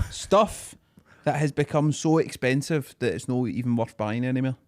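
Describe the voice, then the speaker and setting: A man's voice: mid-range voice, normal speed, a little mellow, no echo, studio quality. A man with a Glaswegian accent, co-hosting a podcast in laid-back, wry and sweary casual banter. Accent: Scottish, Glaswegian. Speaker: podcast co-host.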